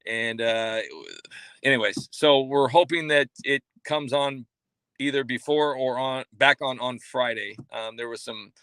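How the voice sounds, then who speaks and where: A man hosting a casual livestream from a coffee shop, reading chat names and rambling with many fillers and restarts in a self-mocking deadpan way. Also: mid-range voice, unhurried, clean tone, no room sound.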